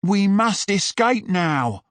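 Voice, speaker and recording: A man's voice: on the high side, big pitch swings, slow pace, no echo, pitched above the performer's own voice, exaggerated voice. A man voicing a bold male weasel adventurer with a brave, declaiming manner in an audiobook story. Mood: heroic.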